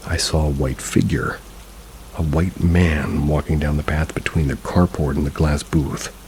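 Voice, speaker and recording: Deep gravelly narrator for creepy tales, steady read, soft rain behind. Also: male voice, unhurried, slight background noise, low-quality recording. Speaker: horror story narrator. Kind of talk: scripted narration of reader stories.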